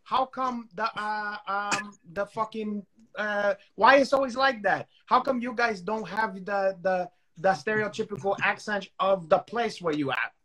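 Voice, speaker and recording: A man's voice: high voice, a little slow, pushed and bright, poor audio. A man co-hosting a casual chat, curious and rambling, asking questions and swearing casually. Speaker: co-host.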